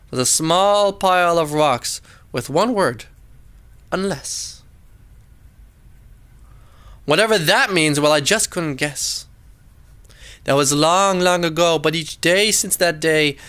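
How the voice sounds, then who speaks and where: Man narrating a rhyming storybook, high bright voice, sing-song and dramatic. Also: lively intonation, measured pace, clean tone. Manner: sing-song rhyming delivery, pitch swooping up and down.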